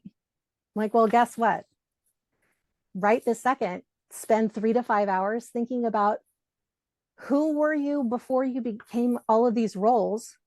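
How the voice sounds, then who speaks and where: A middle-aged woman coach, her voice sitting a little high, is a guest in a relaxed interview. She tells lively stories, acts out the voices of people she quotes, and swears casually, all captured in dry, close sound without room echo.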